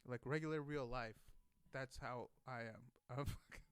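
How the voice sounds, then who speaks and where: A man's voice: medium pitch, moderate pace, smooth, no echo. A young adult man telling a rambling, profane story in a casual way, with many restarts. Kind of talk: casual anecdote.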